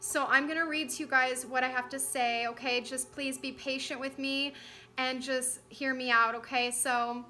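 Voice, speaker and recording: A young woman hosting a spiritual channel, speaking earnestly and slowly to her viewers, near tears and emotional. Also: high voice, steady tone, sharp tone. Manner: tearful, earnest, on the verge of crying; heartfelt, slow, with frequent "you guys". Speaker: spiritual channel host, oracle reader.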